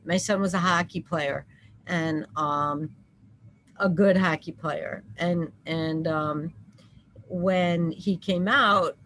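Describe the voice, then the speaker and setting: Halting mother telling her story. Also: low voice, fairly bright tone, a little hiss or hum, poor audio. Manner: halting, many restarts and fillers. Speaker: parent panelist. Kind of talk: personal story on a panel.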